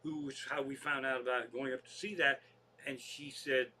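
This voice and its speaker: A man's voice: mid-range voice, steady tone, normal speed, pushed and bright, a little hiss or hum. A man hosting his own comedy show, rambling through stories in a casual monologue and swearing constantly.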